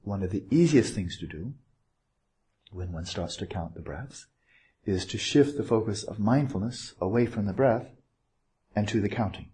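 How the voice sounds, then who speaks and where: A man giving a dharma talk as a meditation teacher on a retreat, gentle and playful, with unhurried pauses and small asides. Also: on the low side, lively intonation.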